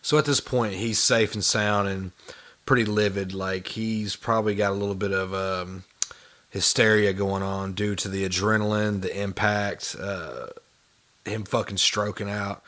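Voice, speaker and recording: A man's voice: on the low side, fairly even intonation, a little slow, a bit bright. A man hosting a reaction video, giving sarcastic, profane commentary on clips. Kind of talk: mocking commentary over clips.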